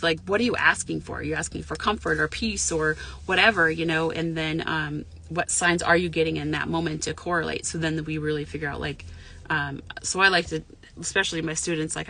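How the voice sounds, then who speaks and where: This intuitive medium and spiritual mentor speaks to her live viewers from a parked car, her low voice gravelly, pushed and bright, with slight background noise. The chat is casual, frank and profane, wandering along with plenty of fillers.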